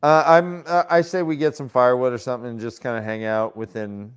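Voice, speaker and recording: A man's voice: medium pitch, steady tone, fairly quick, smooth. A man playing a tabletop role-playing game, chatting casually and asking about rules with an easygoing manner. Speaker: player.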